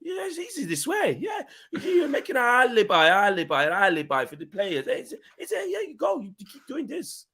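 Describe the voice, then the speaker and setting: A man doing a high-pitched, mocking impression of a fiery Italian male football manager with an Italian accent. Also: huge pitch swings, moderate pace, few pauses, sharp tone, slightly rough, heavily acted. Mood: ranting. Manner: high, strained ranting with a mocking tone.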